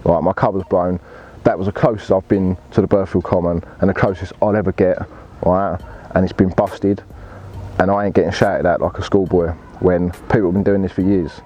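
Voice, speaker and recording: A man's voice: sits low, fairly even intonation, brisk, dark tone, highs cut off. A man telling a fishing story in blunt, laddish slang and swearing freely. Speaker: angler telling his story. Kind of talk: casual storytelling.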